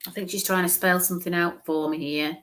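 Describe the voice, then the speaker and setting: A woman's voice: fairly low pitch, steady tone, a little fast, a bit bright. A woman medium giving a live-streamed psychic reading, musing aloud, hesitant, repeating sounds and letters.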